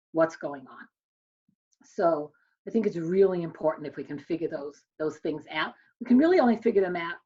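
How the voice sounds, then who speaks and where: A woman's voice: on the low side, slightly rough, muffled recording. A woman in her sixties, a social worker giving a talk, telling a personal story and acting out the dialogue. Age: 60s. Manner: storytelling, acts out quoted exchanges.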